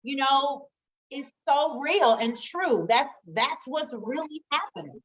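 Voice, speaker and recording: A woman's voice: high voice, lively intonation, slow pace, a bit bright, highs cut off, a little hiss or hum. A woman hosting a casual interview, offering short supportive remarks. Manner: supportive, brief backchannel remarks. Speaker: podcast host.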